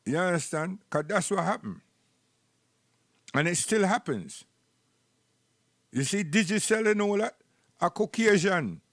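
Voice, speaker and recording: A man's voice: high-pitched, animated, measured pace, long pauses, a bit bright, dry recording, clean studio sound. A man with a Jamaican accent giving rambling, preachy live-stream commentary and repeating words while he searches for the next one.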